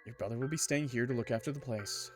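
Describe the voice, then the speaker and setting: A man's voice: mid-range voice, fast, soft background music, natural voice. A man voicing a strict, controlling middle-aged mother who speaks in stern, clipped orders. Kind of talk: game voice acting.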